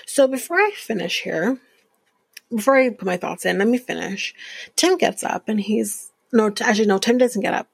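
A woman's voice: medium pitch, animated, moderate pace, vocal fry, slightly rough, dry recording. A woman in her early thirties hosting a podcast, giving a blunt, profane, opinionated casual recap of a reality show. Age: early 30s. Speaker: podcast host.

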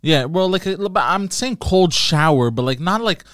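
A man's voice: high voice, expressive, normal speed, fairly bright tone, dry recording, studio quality. A man co-hosting a comedy podcast, laid-back in casual chat and often just agreeing. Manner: laid-back, lots of short agreeing replies. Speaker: podcast co-host.

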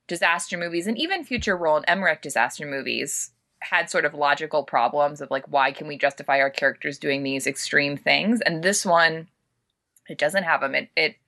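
A woman's voice: low voice, sharp tone. A woman discussing a movie in casual podcast chat, wry and laughing often.

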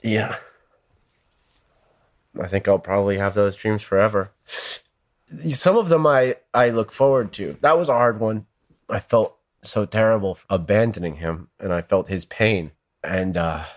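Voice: sits low, lively intonation, a little slow, pauses often. An interviewee recalling painful dreams in an open, reflective way, laughing through the hard parts. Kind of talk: emotional personal recollection.

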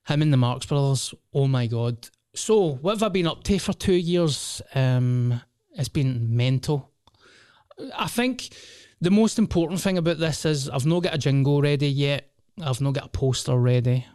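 A man's voice: mid-range voice, a little mellow, smooth, no echo, clean studio sound. A Scottish man in his thirties, a comedian telling rambling, sweary stories on his solo podcast. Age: 30s. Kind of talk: casual solo podcast monologue.

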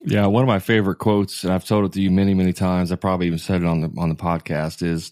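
Deep-voiced male co-host coaching contractors, blunt and emphatic, hammers his points home. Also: level tone, quick pace, few pauses, a little mellow. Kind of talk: casual podcast conversation.

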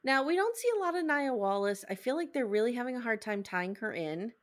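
A woman's voice: fairly high pitch, brisk. A woman hosting a podcast, chatting casually as she recaps a TV episode and acts out the scenes. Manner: animated, acts out scenes in funny voices. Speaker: podcast host.

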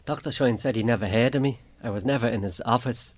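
Speaking quickly at a medium pitch, an Irish interview guest plainly recounts a personal story on the radio, voicing the words other people said to him.

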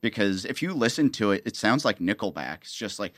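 A woman hosting a podcast in casual chat, animated and quick to slip into comic voices. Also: extremely low pitch, dry recording, clean studio sound. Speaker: podcast host.

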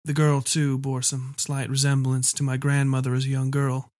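A man narrating a first-person story in a measured, dark storytelling manner. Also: mid-range voice, monotone, no echo, clean studio sound. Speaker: audiobook reader.

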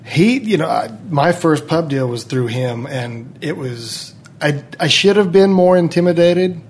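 A man with a relaxed, easygoing manner, chatting casually as a songwriter host. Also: a little high, measured pace. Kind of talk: casual conversation.

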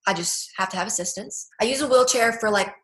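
Young adult woman guest, earnest and halting, filler-heavy, recorded in an echoey room. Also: fairly high pitch, fairly bright tone. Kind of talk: personal testimony interview.

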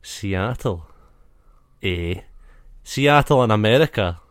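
A man co-hosting a comedy podcast, chatting playfully and quick to laugh. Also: fairly low pitch, expressive, no room sound, studio quality. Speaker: podcast co-host, game master. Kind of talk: casual comedic banter.

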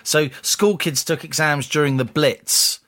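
A man's voice: on the high side, fairly even intonation, unhurried, a bit bright. A man, co-hosting a podcast and talking in a blunt, exasperated way. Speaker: podcast co-host. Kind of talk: opinionated casual chat.

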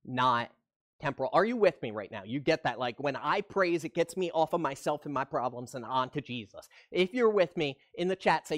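A man's voice: mid-range voice, animated, normal speed. A man preaching a livestreamed sermon, talking casually and often asking his listeners questions. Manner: conversational preaching, asks the audience questions. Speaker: pastor.

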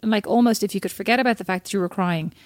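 A woman's voice: medium pitch, racing, darkish tone, no room sound, studio quality. A woman in casual chat as co-host, talking freely and acting out quoted voices. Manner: chatty, acts out quoted voices.

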